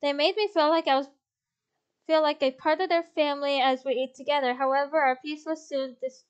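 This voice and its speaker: Giggly high-voiced woman reading a game aloud. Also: fairly even intonation, a little fast, lo-fi sound. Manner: giggly, laughs often. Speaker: game streamer. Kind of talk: reading a visual novel aloud with commentary.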